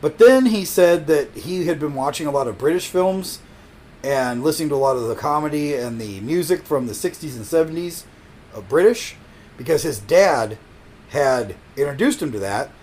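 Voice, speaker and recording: A man's voice: a little high, animated, normal speed, darkish tone, slight background noise. A man co-hosting a casual podcast, sharing trivia in a hesitant way full of fillers and restarts. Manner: hesitant, lots of fillers and restarts, laughs easily. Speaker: podcast co-host.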